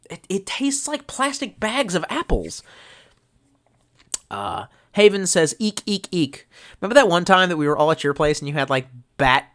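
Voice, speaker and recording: A man's voice: on the high side, a bit bright. A man, drunk, rambling and swearing as he reads out chat on a live stream. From United States. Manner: profane, rambling, mock-angry outbursts.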